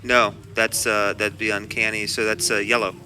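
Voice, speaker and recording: A man's voice: lowish voice, little pitch movement, normal speed, pushed and bright, faint music behind. A man playing a character in a tabletop role-playing game, talking casually and rambling with "like" fillers. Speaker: player.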